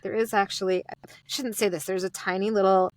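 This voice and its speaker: A woman with an American accent, chatting casually as an interview guest about her sleep podcast, animated and quoting her own thoughts. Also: medium pitch, fairly quick, no echo. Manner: chatty, animated, quotes herself.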